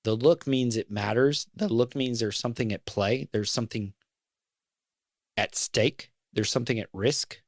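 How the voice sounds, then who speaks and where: A man's voice: mid-range voice, moderate pace, no echo. Earnest middle-aged man, dry close sound. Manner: earnest and reflective, talks about fatherhood with feeling. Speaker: podcast co-host. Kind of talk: casual podcast conversation.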